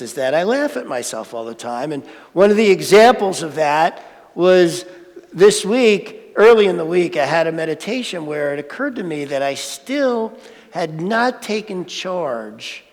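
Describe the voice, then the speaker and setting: A man in his sixties giving a sermon-style talk with animated, self-mocking storytelling. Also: high voice. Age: 60s. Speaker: speaker at a spiritual centre. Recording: hall reverb.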